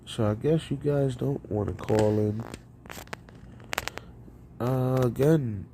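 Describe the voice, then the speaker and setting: A man's voice: mid-range voice, slow, pauses often, dark tone, a little hiss or hum. A man hosting a call-in livestream, rambling casually with profanity and frequent laughter. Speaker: call-in show host.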